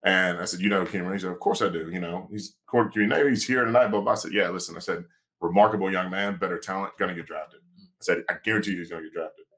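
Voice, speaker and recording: Rapid-fire and deep-voiced, the sports agent and lawyer delivers a casual, animated story for a podcast. He acts out each quoted exchange.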